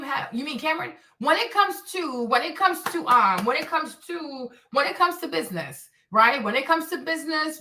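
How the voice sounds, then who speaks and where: A woman hosting her own stream, talking in an animated, blunt way with plenty of profanity and repetition. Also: high-pitched. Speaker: show host. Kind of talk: livestream commentary rant. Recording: echoey room, distant from mic.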